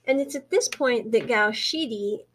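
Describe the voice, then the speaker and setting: A woman's voice: a little high, unhurried. Chatty woman recapping a drama. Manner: chatty, animated storytelling, quiet quoted dialogue. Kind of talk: casual retelling of a drama plot.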